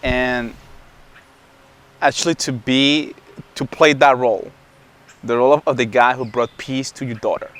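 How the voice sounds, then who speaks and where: A man answering interview questions candidly as a new father, halting and repeating words as he goes. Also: mid-range voice, steady tone, a bit bright.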